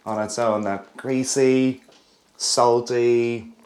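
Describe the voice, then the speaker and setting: A man's voice: mid-range voice, flat delivery, extremely slow, a little mellow. A young man, a restaurant chef chatting enthusiastically about his food, with plenty of fillers. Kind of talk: casual cooking chat. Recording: echoey room.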